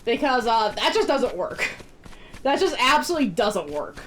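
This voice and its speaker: Chatty woman streamer with a higher voice. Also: sing-song, moderate pace, a bit bright. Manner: rambling, chatty, laughs often. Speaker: game streamer. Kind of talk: casual chat while gaming.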